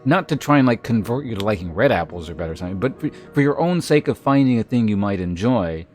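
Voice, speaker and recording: Man streamer, low voice, loose rambling chat with viewers, restarts often, faint music underneath. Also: animated, quick pace, darkish tone. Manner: rambling, with frequent restarts and filler words. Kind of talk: casual chat with live viewers.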